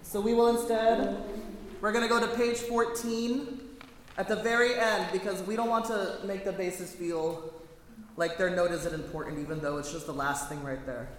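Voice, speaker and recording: Guy running choir practice, high voice, talks through the score in detail, big echoey hall. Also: steady tone, normal speed. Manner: chatty, detailed, self-correcting. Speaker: choir director. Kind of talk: choir rehearsal instruction. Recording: echoey hall, faint noise.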